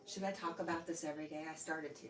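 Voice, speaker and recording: Low-voiced woman chatting on a livestream. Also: fairly even intonation, fast talker, background noise. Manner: chatty, reads viewer comments aloud, coos to her dog. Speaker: livestream host. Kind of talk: casual livestream chat.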